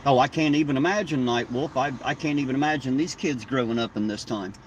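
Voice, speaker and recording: Medium-pitched, quick and lo-fi, a southern Ohio man with a drawl keeps up casual, folksy chatter on a live stream while he drives at night. He rambles in a relaxed way, and the mic sits far off amid soft road noise.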